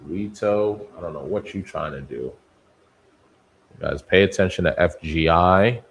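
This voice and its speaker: A low-voiced man hosts a live trading stream from his desk, musing out loud and bantering with each ticker he scans. A faint hum of room ambience sits under his voice. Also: a little slow, dull audio. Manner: talks to stocks like people, musing and bantering. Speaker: day trading stream host. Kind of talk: live market commentary.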